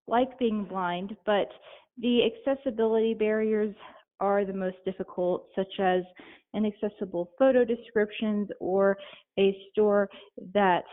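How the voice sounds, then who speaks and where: A young adult woman answering interview questions in a measured, matter-of-fact way over a phone call. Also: medium pitch, fairly even intonation, dry recording. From Utah. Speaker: guest. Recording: tinny phone line.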